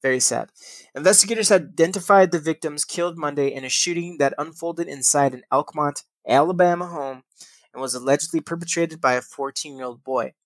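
Young guy podcaster reading weird news, kinda high voice, curses a lot, dry close mic. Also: no echo. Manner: swears often, laughs at own slips. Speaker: podcast host. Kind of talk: casual news-reading commentary.

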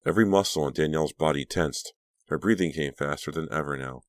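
A man narrating an audiobook in a measured storytelling manner. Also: rumbling low, no echo, clean studio sound. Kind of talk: scripted narration.

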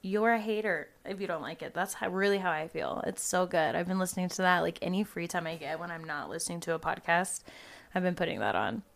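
A woman's voice: fairly low pitch, animated, fast, vocal fry. A young woman hosting a podcast in casual chat, rambling and swearing a lot, with "like" in every other phrase. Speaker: podcast host.

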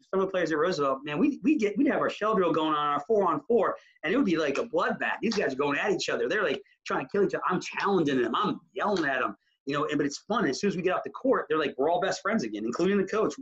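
A man, a high school basketball coach, talking animatedly in a casual interview, rambling with many restarts. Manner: animated, rambling, full of restarts and self-quotes. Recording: slightly muffled audio.

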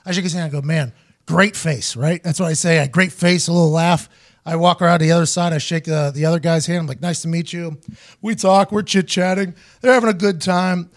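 Fast, high-voiced man telling a story. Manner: animated, profane, acts out quotes. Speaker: podcast host. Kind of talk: casual storytelling chat.

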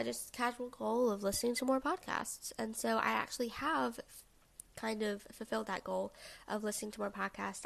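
A woman's voice: mid-range voice, gravelly. A woman, hosting her own podcast in a chatty, self-deprecating monologue full of fillers and asides. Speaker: podcast host. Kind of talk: casual solo podcast monologue.

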